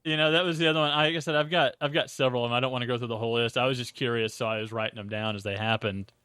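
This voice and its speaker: A young adult man co-hosting a casual film-review podcast, animated, acting out lines he quotes and swearing casually. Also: mid-range voice, rapid-fire, clean tone, dry recording. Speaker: podcast co-host.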